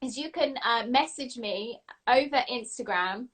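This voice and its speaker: A woman's voice: fairly high pitch, measured pace, a bit bright, slight background noise. A woman with a British accent hosting a live online interview in an upbeat, encouraging, chatty way. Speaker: show host.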